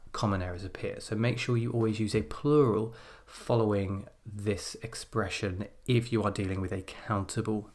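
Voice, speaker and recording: A man giving a recorded English grammar lesson, explaining clearly and slowing down when he reads example sentences aloud. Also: on the low side. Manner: explanatory, measured, slows down to read example sentences. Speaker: English exam teacher. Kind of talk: scripted video lesson.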